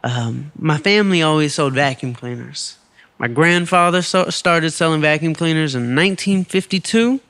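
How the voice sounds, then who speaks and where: A male podcast host tells a personal story at normal speed with lively, animated energy, slipping into other people's voices to act out quotes. His voice sits somewhat high for a man, and the recording is close and dry, with no room sound.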